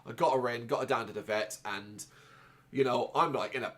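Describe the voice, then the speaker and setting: Podcast host, male, mid pitch; rambling, emotional storyteller who swears. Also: fairly quick, a bit bright. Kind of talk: personal storytelling monologue.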